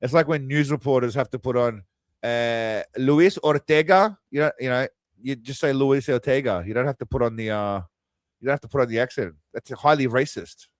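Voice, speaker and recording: A man's voice: mid-range voice, brisk, dry recording. Man, sarcastic movie riffing, crude mocking asides, dry close sound. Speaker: host.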